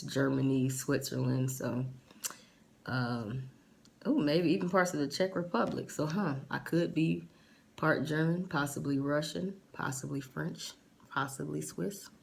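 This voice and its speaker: A middle-aged woman vlogger chatting casually and with amusement as she reads out her results, pausing often with fillers. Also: low-pitched, vocal fry, slight background noise. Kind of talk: casual chat reading results aloud.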